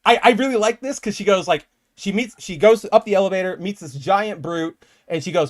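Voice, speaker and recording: A man's voice: sits high, fairly quick, few pauses. A young man co-hosting a casual comic book podcast, talking animatedly and acting out quoted lines. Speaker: podcast co-host.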